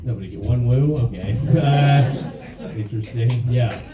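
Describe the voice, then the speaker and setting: A man's voice: medium pitch, measured pace, dull audio, heavy background noise. A young man from New York doing a stand-up set, with a dry, self-deprecating delivery, to a laughing audience in a comedy club. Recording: echoey club, mic at a distance, crowd.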